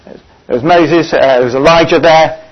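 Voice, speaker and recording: A man preaching a sermon, earnest and often pausing on "uh" as he gathers his thoughts. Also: a little high. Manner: earnest, pausing with frequent "uh" fillers. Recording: dull lo-fi recording.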